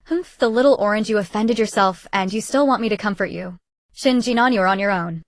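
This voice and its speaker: A woman voicing a calm but stern young woman scolding her best friend, in an audiobook. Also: medium pitch, fairly quick, dry recording, clean studio sound, natural voice.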